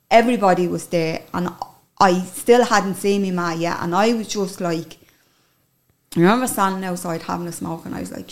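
Irish woman, gravelly voice, candid interviewee recounting a personal story, blunt and emotional, casual swearing. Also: mid-range voice, a little mellow.

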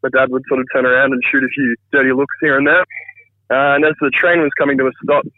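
A man's voice: mid-range voice, little pitch movement, fast, dry recording. Thirty-something man on a tinny phone line. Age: 30s. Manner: self-deprecating, chatty, fond of his parents. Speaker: caller telling a viral story. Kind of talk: casual phone storytelling.

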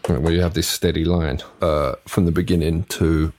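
A man's voice: a bass voice, steady tone, moderate pace, darkish tone. A man hosting a solo podcast, rambling and swearing as he jumps between topics. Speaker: podcast host.

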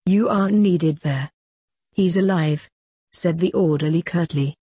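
Woman narrator, low-ish husky voice, dry close sound. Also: moderate pace, dark tone, no echo. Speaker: podcast host and author reading her story. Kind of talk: storytelling narration.

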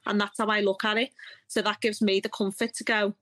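A woman's voice: mid-range voice, little pitch movement, brisk, a bit bright. A woman, a guest in a casual interview, talking in an upbeat, chatty way and laughing often. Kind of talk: casual chat.

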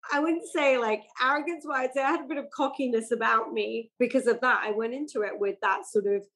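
A woman, a podcast guest chatting casually and telling animated stories. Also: a little high, fairly quick, poor audio. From England. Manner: animated storytelling, acts out quoted voices. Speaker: guest, entrepreneur and investor. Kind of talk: casual interview chat.

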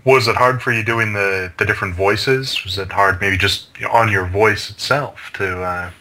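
Bright-toned male interviewer. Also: fairly low pitch, fairly even intonation, normal speed, low-quality recording. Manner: asks questions with hesitant fillers. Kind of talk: casual interview.

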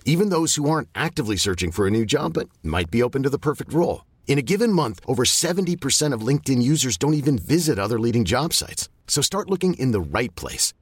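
A man's voice: medium pitch, slightly rough, dry recording. A man reading a persuasive advertisement in an upbeat voice. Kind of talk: radio advertisement.

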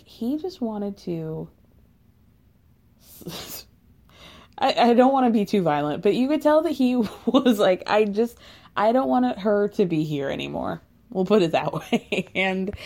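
Gossipy woman recapping tv, mellow voice, sarcastic and giggly. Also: mid-range voice. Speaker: reality show recapper. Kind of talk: casual chatty recap.

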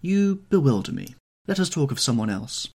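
A witty young duchess, as a man reading the book puts her on, all quick playful comebacks. Her voice is raised well above a low, husky reader's tone, and it swoops up and down with teasing lift. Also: big pitch swings, a little mellow.

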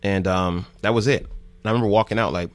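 A man's voice: fairly low pitch, fairly even intonation, quick pace, no room sound. A man from New Jersey, a news show host, telling a rambling story in casual, loose speech full of "like" and swearing. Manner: laid-back, rambling, heavy on "like", swears freely.

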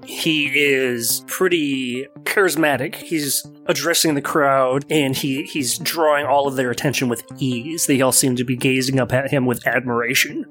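A man narrating as game master, describing each scene in a measured, unhurried way. Faint music plays under his voice. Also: mid-range voice, fairly even intonation, fairly bright tone.

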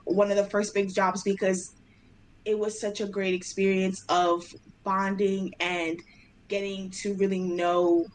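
A young woman dancer and choreographer telling stories in a casual interview, animated and acting out her own past dialogue in excited voices. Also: medium pitch, a little slow, slight background noise, low-quality recording. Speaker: dancer and choreographer, podcast guest.

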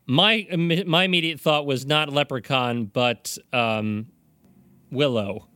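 A man's voice: medium pitch, takes it slowly, sharp tone, clean tone, dry recording. A man co-hosting a podcast in casual chat, blunt and sarcastic, swearing freely. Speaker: podcast co-host.

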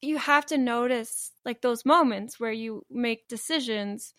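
A woman's voice: fairly high pitch, measured pace, fairly bright tone, no room sound, clean studio sound. Candid woman in casual conversation. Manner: candid, laughs often, many restarts.

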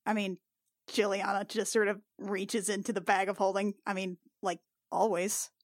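A woman's voice: mid-range voice, level tone, normal speed, no echo, studio quality. A woman playing a character in a tabletop game, chatty and filler-heavy. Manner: chatty, lots of "like" and "I mean". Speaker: player. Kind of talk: casual tabletop play.

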